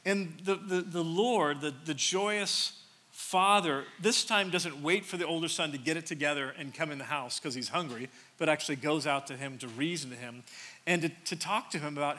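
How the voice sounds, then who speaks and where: Middle-aged male pastor, bright, slightly high voice, chatty sermon delivery with frequent restarts. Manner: conversational and animated, with frequent restarts and quick asides. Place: large church sanctuary.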